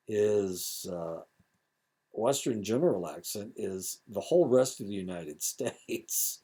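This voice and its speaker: A man in his seventies from Indiana lectures with his local accent, drifting into asides and filling pauses with "uh". His voice sits low and mellow, with a soft, husky edge. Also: animated. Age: 70s. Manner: rambling, digressive with many fillers. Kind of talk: recorded lecture.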